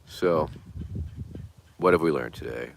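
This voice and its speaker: A middle-aged man hosting a livestream, chatting in a rambling, profane way that often trails off softly. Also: extremely low pitch, takes it slowly, creaky, slight background noise. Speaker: livestream host. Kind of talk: rambling casual livestream chat.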